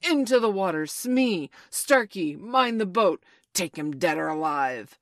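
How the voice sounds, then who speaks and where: A woman reading aloud and voicing a proud, menacing male pirate captain who shouts his orders. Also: deep voice, expressive, unhurried, no echo, clean studio sound. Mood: triumphant.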